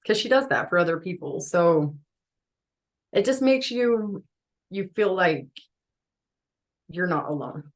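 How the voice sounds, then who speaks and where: Low-voiced woman guest, affirming. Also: lively intonation, slow, pauses often. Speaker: podcast guest. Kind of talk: casual interview chat.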